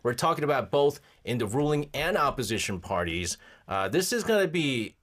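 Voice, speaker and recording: Male radio host, animated swooping delivery, playful teasing, studio banter. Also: mid-range voice, normal speed.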